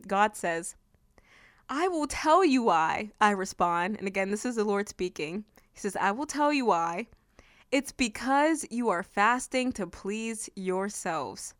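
A woman hosting a casual Bible teaching, animated and often laughing as she acts out her own frustration. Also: mid-range voice, clear, resonant tone, no room sound, studio quality. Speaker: Christian video host.

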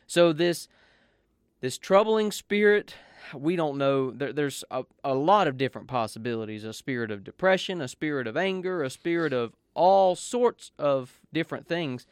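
A man's voice: on the high side, expressive, normal speed, clean tone, no echo, clean studio sound. A man leading a devotional, explaining a passage in an earnest, conversational way. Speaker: devotional teacher. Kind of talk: radio devotional teaching.

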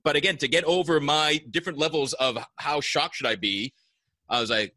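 Bright, dry-sounding male host. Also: medium pitch, dry recording. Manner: conversational, halting, restarts questions. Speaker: podcast host. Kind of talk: casual interview.

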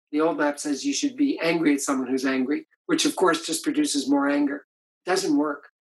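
An older man with a voice on the high side, an author, reflects on his marriage in an interview, telling conversational anecdotes that he restarts often. The recording is low quality.

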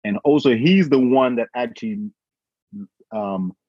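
A man from England telling a story in a casual conversation, animated, acting out what others said. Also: medium pitch, measured pace, breathy edge, no echo. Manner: animated, quotes others with voice changes. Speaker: guest. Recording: dull, dry sound.

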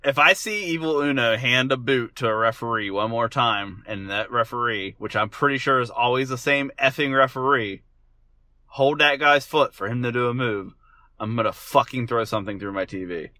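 A man co-hosting a podcast in laid-back casual chat, agreeable and prone to trailing off. His voice is bright and forward. It is recorded close and dry, with no room sound. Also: mid-range voice, moderate pace, dry recording. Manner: easygoing and agreeable, trailing off with fillers. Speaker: podcast co-host.

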